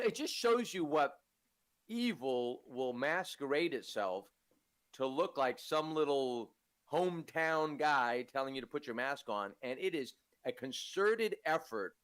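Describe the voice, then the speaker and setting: A man with a slightly high voice co-hosts a political talk show. His pitch swings widely as he tells his stories, animated and indignant. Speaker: co-host.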